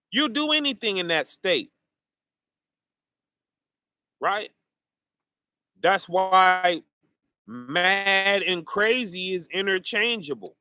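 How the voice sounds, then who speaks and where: Slow, bright-voiced man preaching. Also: sits high, no room sound. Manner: rhetorical questions, calling out to listeners. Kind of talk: informal preaching monologue.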